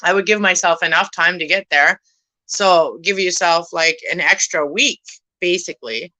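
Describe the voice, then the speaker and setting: A young woman cleans her home at night while casually chatting with her live viewers, rambling, laughing often, and addressing them by name. Her voice is lowish and sharp at a moderate pace, captured in a dry, low-quality recording.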